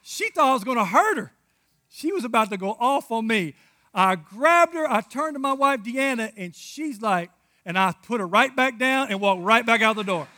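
A man in his thirties preaching a sermon, telling stories with big swings from hushed asides to loud outbursts. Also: very high-pitched, expressive, moderate pace, no echo. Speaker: pastor.

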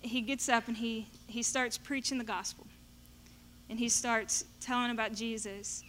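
A woman telling her personal faith testimony in an animated storytelling way. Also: on the high side, measured pace, a little hiss or hum. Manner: animated storytelling, acting out her past self in quotes. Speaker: speaker sharing a testimony.

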